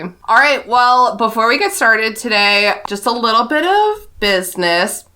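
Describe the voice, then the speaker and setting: A woman's voice: mid-range voice, pushed and bright. A woman hosting a podcast in casual chat, playful and giggly. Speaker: podcast host.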